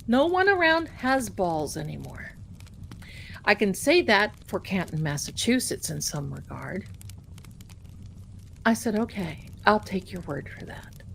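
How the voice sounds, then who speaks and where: A woman hosting a tarot livestream, chatting casually and telling a personal story in an animated, amused way. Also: high voice, creaky. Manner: chatty, animated, laughing at her own story. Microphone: desk mic at home.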